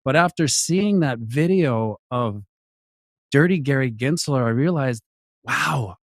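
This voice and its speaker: A man's voice: mid-range voice, animated, takes it slowly, dry recording, clean studio sound. A man as a panel guest in casual chat, telling comic stories in a mock-dramatic way.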